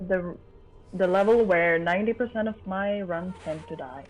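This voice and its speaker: A man's voice: high voice, normal speed, poor audio. A man co-commentating a speedrun live, friendly and giggly, explaining the game. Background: music.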